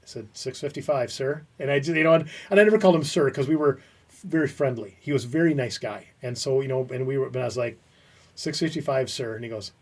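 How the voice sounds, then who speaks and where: Man in his 50s, podcast host, husky voice, a bit distant from the mic, lively anecdote teller. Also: medium pitch, racing. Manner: animated anecdote teller with many restarts. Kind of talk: casual conversational storytelling.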